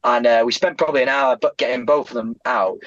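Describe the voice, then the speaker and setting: A British man, a podcast guest, telling travel stories in a casual, animated, rambling way with frequent restarts. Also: medium pitch, quick pace, no room sound, highs cut off. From United Kingdom.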